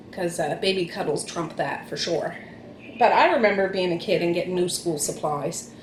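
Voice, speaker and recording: A woman's voice: lowish voice, expressive, unhurried, pauses often, a little mellow, a little hiss or hum. A middle-aged woman, a mother chatting casually to camera at home in a rambling way, restarting her phrases. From Nova Scotia, Canada. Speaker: vlog host and mother. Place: home, indoors, with small children around. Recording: echoey room.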